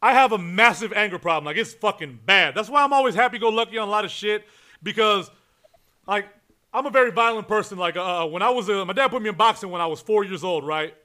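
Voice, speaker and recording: A man hosting a casual podcast, swearing freely and telling stories with excitement. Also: high voice, quick pace. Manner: profane, excitable storyteller. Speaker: podcast host.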